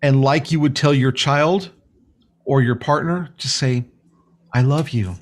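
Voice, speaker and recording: This fairly high-voiced man, a guest healer, talks unhurriedly in a casual interview. Earnest and rambling, he keeps saying "you know" and restarts sentences while working out what to say.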